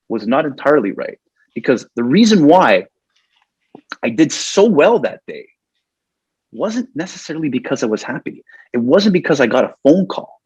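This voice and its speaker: A man's voice: medium pitch, breathy edge, dry recording, muffled recording. A man guest on a podcast telling a personal story earnestly, acting out his own past thoughts and getting emotional as he talks. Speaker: podcast guest, corporate trainer.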